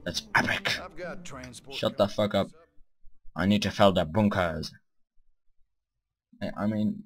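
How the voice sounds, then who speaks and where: A young man giving excitable, profane let's-play commentary as he plays a strategy game, often shouting at his units. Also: deep voice, unhurried, long pauses. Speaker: gaming channel host.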